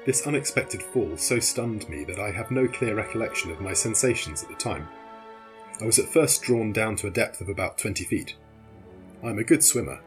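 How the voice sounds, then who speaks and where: A man with a husky voice reading a novel aloud as audiobook narrator, in a measured, steady way. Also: low voice. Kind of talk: scripted narration.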